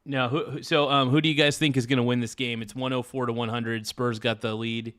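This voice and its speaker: This live-streaming man talks fairly quickly at a medium pitch, reacting to the action with excited, frustrated play-by-play and plenty of cursing in a casual tone.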